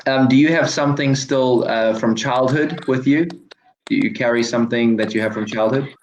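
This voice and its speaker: A man interviewing a guest with quick casual questions, often starting with a hesitant filler. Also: mid-range voice, a little hiss or hum. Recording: echoey room.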